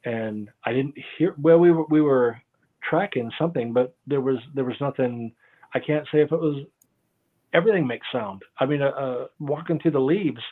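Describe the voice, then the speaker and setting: Heard through tinny, phone-like video call audio, a man with a mid-range voice tells stories at a moderate pace as a guest in a casual interview. He wanders and often loses track of what he was saying.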